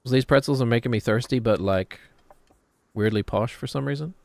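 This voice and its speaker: A man's voice: mid-range voice, fairly quick, creaky, dry recording. A man, streaming a game and chattering casually, rambling and joking as he plays. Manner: rambling, jokey, drifts into put-on British voices.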